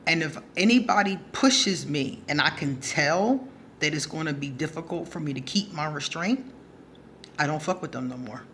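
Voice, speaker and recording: A woman's voice: low voice, animated, normal speed, fairly bright tone, a little hiss or hum. Blunt, laughing woman vlogger. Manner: blunt, profane, laughs often while telling a story. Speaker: advice vlogger answering a subscriber. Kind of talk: casual storytelling monologue.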